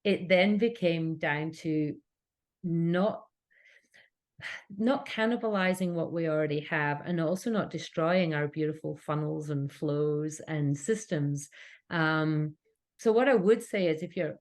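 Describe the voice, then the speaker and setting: Low-voiced Scottish woman, chatty guest. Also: measured pace, a little mellow. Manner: earnest, talkative, frequent restarts. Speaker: cake kit business owner, podcast guest. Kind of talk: casual interview chat.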